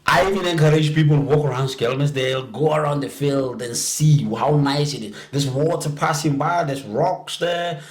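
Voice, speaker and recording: Brief: man, lively storyteller, laughs easily, stumbles into sentences, room echo. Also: a little high, moderate pace, hardly any pauses. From South Africa. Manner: animated, laughs often, repeats words when starting. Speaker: podcast guest. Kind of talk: casual storytelling chat. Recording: roomy echo.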